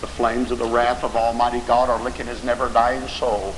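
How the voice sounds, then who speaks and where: A man's voice: mid-range voice, flat delivery, a little fast. A man preaching a fiery revival sermon with dramatic emphasis at a church service. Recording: echoey hall, hiss.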